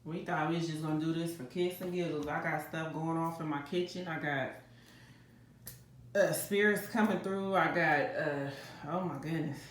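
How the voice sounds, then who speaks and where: Low-voiced woman giving a dramatic psychic reading. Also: fairly even intonation, moderate pace, slight background noise. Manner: dramatic, talks straight to viewers with "y'all". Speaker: tarot reader. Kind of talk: casual psychic reading to camera. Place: home kitchen. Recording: roomy home echo.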